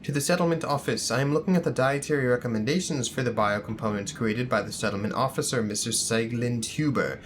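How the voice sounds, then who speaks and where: A man's voice: mid-range voice, quick pace, hardly any pauses, slight background noise. A man hosting a gaming channel, giving casual let's-play commentary in a jokey, rambling, self-deprecating way. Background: game music.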